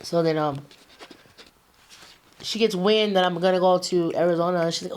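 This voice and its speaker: A woman tells her story in a low, relaxed voice. She talks casually and streetwise, swearing freely as she goes. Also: moderate pace. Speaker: guest. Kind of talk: telling a personal story in an interview.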